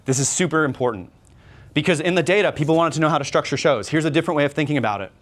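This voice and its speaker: A man talking to a room of fellow magicians at a convention workshop, energetic and conversational, often checking in with "right?" and slipping into a stage patter to demonstrate. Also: fairly high pitch, racing. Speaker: magician giving a workshop talk.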